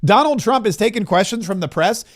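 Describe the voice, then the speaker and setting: A man's voice: sits high, lively intonation, a little fast. A man hosting a political podcast, giving opinionated commentary with sarcastic, mocking quips and loose, restarting sentences.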